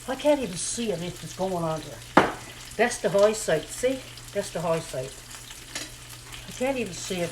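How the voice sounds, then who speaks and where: A woman chatting casually as she cooks in her home kitchen, repeating her phrases and talking to herself in a slightly hushed voice. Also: background noise. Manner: talking a little low and hushed. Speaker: home cooking vlogger. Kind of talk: casual cooking chat to camera. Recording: home kitchen recording, audible pan sizzle. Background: frying pan sizzling.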